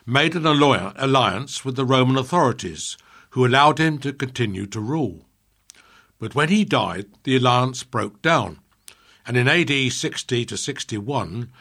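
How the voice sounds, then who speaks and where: Man reading local history, husky tone. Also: medium pitch. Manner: measured, steady reading with small slips. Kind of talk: reading a prepared history piece.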